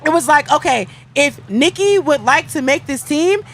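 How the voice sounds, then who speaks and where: Brief: high-voiced woman track commentator, animated, dramatic storyteller. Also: moderate pace, a little hiss or hum. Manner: playful, dramatic, acts out quotes. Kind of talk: animated casual race recap. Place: outdoors at a stadium.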